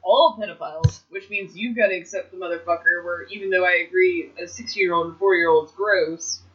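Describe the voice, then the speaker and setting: A woman's voice: on the low side, a bit bright. A woman co-hosting a casual chat, speaking frankly and with a lot of profanity. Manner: frank, profane, quick to agree. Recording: dull lo-fi recording.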